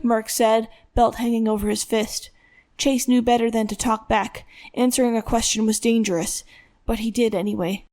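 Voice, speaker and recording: A woman narrating a dramatic thriller audiobook in a steady storytelling voice. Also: on the high side, moderate pace.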